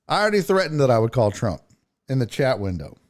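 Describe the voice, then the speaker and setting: Lively profane man ranting on stream. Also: medium pitch, fast. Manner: slips into mocking voices for quotes. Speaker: show host. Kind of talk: casual live-stream rant.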